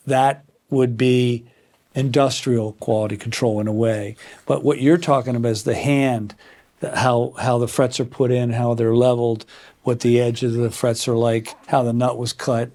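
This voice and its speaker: An older man being interviewed about building guitars, telling stories in a lively way and acting out the people he quotes. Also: mid-range voice. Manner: animated anecdotes, acts out quoted voices. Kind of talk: conversational storytelling.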